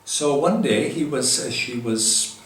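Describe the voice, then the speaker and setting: A man's voice: medium pitch, recorded from a distance, slight background noise. Man telling a story in a very echoey hall. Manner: gentle, halting storyteller with many pauses and fillers. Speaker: spiritual teacher. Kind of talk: storytelling talk.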